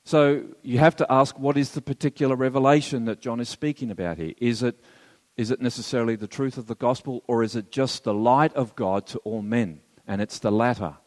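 A man's voice: mid-range voice, fairly quick, a little mellow, in a large hall. A man teaching theology as a sermon, earnest and emphatic, with wry asides to his listeners. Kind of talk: sermon lecture.

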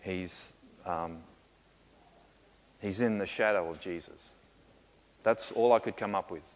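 A man answering questions in a sermon, reflective and often pausing with fillers and soft laughs. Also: deep voice. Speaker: pastor. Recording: muffled with long hall reverb.

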